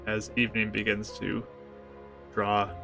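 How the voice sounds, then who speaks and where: A man narrating as game master of a tabletop game, in a relaxed, easygoing way. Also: on the low side, measured pace, gravelly, music in the background.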